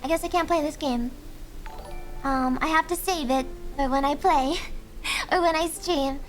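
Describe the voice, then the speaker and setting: A young woman streaming, chatting casually with her viewers in a soft, high, giggly voice. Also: fairly even intonation, unhurried. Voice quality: high voice, speaking softly. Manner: giggly, chatty, reads chat aloud. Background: faint background music.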